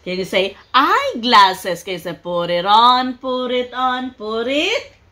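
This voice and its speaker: A woman using slow, sing-song baby talk as she coaxes a toddler through words and counting. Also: a little high, very animated, bright, forceful tone. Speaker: parent teaching a toddler.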